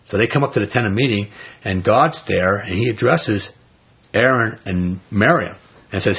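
A man's voice: lowish voice, normal speed, slightly rough, lo-fi sound. A man leading an informal Bible study. He retells scripture in everyday speech and keeps asking the group rhetorical questions.

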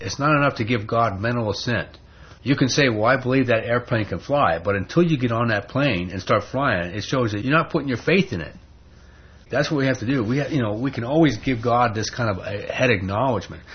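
A man with a husky, breathy voice preaches a sermon, emphatic and conversational, throwing rhetorical questions at his listeners. The recording sounds dull and lo-fi. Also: lowish voice.

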